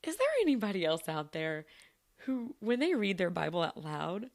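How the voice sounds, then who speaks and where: Brief: female podcast host, lower-leaning voice, casual chatty delivery with frequent laughs. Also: very animated, moderate pace, a little mellow. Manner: chatty, laughs often between thoughts; talks to listeners directly. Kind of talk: casual personal chat.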